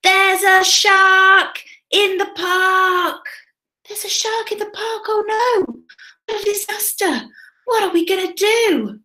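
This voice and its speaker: A woman voicing a little boy who shouts in panic, with a shrill, frantic voice. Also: takes it slowly, exaggerated voice. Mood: panicked.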